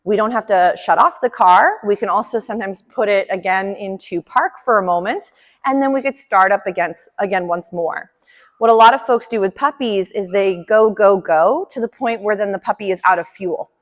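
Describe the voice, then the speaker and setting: A woman dog trainer explains her method in a friendly, chatty way, cheering the dog on as she goes. Her voice sits in an ordinary middle pitch. The recording carries a long, echoey room reverb. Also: normal speed. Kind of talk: instructional demonstration.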